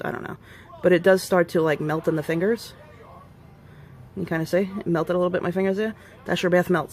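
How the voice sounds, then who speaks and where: A woman vlogging a casual hands-on demonstration, chatting and rambling to viewers as she works, with playful warnings and quick asides. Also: on the low side, slight background noise. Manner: chatty and rambling, talks to viewers while working.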